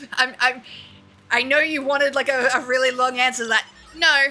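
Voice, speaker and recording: A woman's voice: high voice, fairly even intonation, unhurried, bright, forceful tone. A young adult woman streaming a video game, chatting casually with her viewers, laughing often and swearing freely. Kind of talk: casual gaming livestream chat. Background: faint game music.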